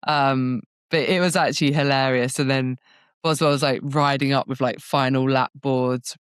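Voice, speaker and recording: A woman's voice: a bass voice, fairly even intonation, normal speed, clean tone, no room sound, studio quality. A young woman co-hosting a podcast, telling a race story in a chatty, laughing way full of "like". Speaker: podcast co-host, cyclist. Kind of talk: casual chat.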